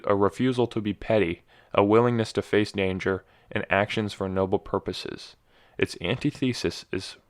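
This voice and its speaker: A young man hosting a casual solo podcast, rambling and joking, often stumbling and correcting himself. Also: fairly low pitch. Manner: rambling, self-correcting, jokey. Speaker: podcast host.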